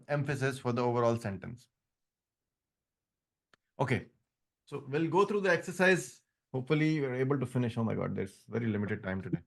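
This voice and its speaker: A man who speaks English as a second language, teaching an Arabic grammar class and explaining patiently with frequent restarts. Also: medium pitch. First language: not English; another language first. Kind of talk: online class lecture.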